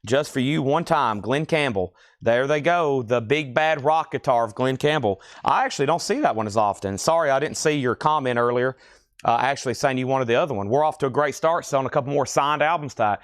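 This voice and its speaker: A man with a mid-range voice and lively intonation talks fairly quickly, recorded dry with studio quality. He hosts a live-streamed record sale in a record store, casually chatting while rattling off album titles, prices and buyers' names.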